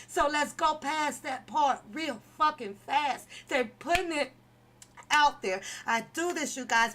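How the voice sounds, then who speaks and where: High-voiced woman in a fiery rant. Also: a bit bright. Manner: emphatic, profane, repetitive pleading. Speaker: online commentator. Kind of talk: impassioned opinion rant.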